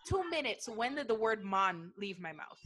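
A young woman from the Caribbean co-hosting a casual podcast chat, talking in an animated way and swearing freely. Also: medium pitch, moderate pace, a crowd in the background. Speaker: podcast co-host.

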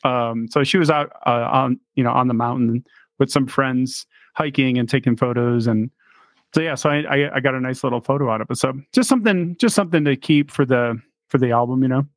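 A man's voice: medium pitch, a little fast, dry recording. A man from Chicago co-hosting a podcast, chatting casually and rambling with lots of fillers and laughs. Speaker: podcast co-host. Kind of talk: casual chat.

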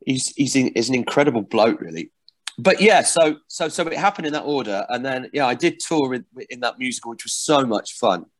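A man's voice: medium pitch, lively intonation, a little fast, no room sound. Man, actor guest, chatty with lots of restarts, dry close sound. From Barnsley, England. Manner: chatty, self-deprecating, many restarts. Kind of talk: casual interview chat.

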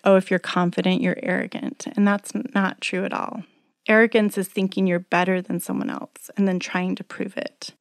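A woman's voice: medium pitch, darkish tone, dry recording, clean studio sound. Earnest woman giving a motivational talk. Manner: earnest, coaching, chatty with fillers. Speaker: self-help speaker; single mother of teenagers.

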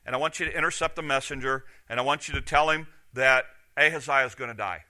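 Man voicing a hushed commanding God. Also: medium pitch, quick pace, voice pushed down. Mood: urgent. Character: God, calm commanding divine voice, male.

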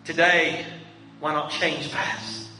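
A man's voice: on the high side, flat delivery, takes it slowly, bright, forceful tone, far from the mic. A male pastor preaching a sermon in a church, pleading earnestly with the congregation. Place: church sanctuary. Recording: echoey church room from afar, faint hum.

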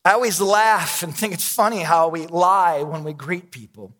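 Pastor guy in his 30s preaching, high bright voice, candid and self-mocking, big echoey hall. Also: fairly quick, hardly any pauses. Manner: candid self-deprecating storytelling. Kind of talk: sermon.

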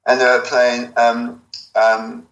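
A middle-aged man telling a rambling, animated story in an interview, swearing freely. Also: mid-range voice, slow pace. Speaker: album cover designer, guest. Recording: echoey room.

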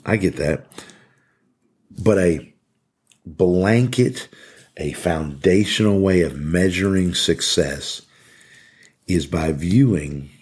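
A middle-aged man with a very low, husky voice gives a motivational talk. He speaks earnestly and with emphasis, repeating his key points to drive them home. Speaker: podcast host speaking to corrections officers.

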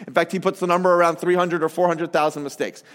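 A man preaching a sermon as a pastor, animated and conversational, acting out quoted voices. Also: fairly high pitch, fast talker. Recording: reverberant hall.

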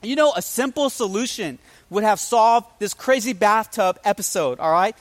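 A man's voice: high voice, moderate pace. A man pastor preaching a livestreamed sermon, telling a funny story with energy and calling out to his listeners. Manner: energetic storytelling with humor and call-outs to the audience.

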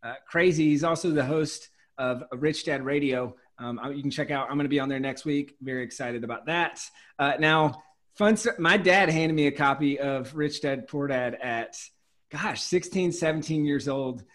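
An eager man with a slightly high voice hosts an interview. He introduces his guest and poses questions, tripping over restarts and fillers as he goes. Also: normal speed, a bit bright. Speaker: interview host.

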